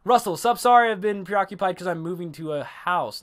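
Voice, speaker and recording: Speaking a little fast in a high voice, this man reviews an anime episode on a livestream. He's casual, lively and foul-mouthed, breaking off now and then to say hello to chat and respond to questions.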